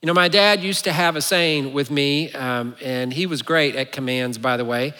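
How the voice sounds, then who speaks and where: A man's voice: on the high side, moderate pace, bright, forceful tone, smooth. A male pastor giving a conversational sermon, earnest, with wry asides, in a church sanctuary. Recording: echoey hall reverb.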